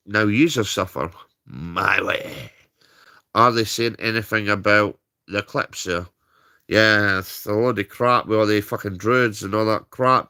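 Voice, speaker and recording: A man's voice: fairly low pitch, bright, forceful tone. A British man ranting on a livestream, heated and swearing, tagging his points with "right?". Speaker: streamer. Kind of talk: angry livestream rant.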